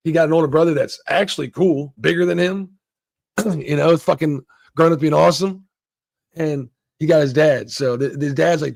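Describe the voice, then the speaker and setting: A man's voice: a little high, moderate pace, gravelly, darkish tone, no echo. A man hosting a casual, rambling and profane review of a TV episode. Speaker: show reviewer, channel host.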